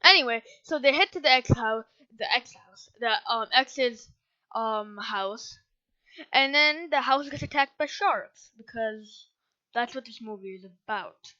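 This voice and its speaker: A woman with a fairly high voice rambles through a movie recap, sarcastic and correcting herself as she goes. The recording is dry and a bit dull and lo-fi. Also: a little slow, sharp tone, dry recording. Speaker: movie reviewer.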